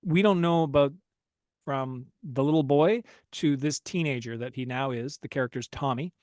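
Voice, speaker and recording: A man's voice: medium pitch, moderate pace, darkish tone, dry recording, studio quality. A man hosting a casual movie-recap podcast, telling the story with lots of energy and frequent laughter. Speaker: podcast host.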